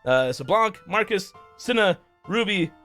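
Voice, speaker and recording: A man's voice: high voice, animated, a little slow, bright, forceful tone, soft background music. A man streaming a rambling, profane recap of a game's story, full of restarts. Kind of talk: casual game story recap.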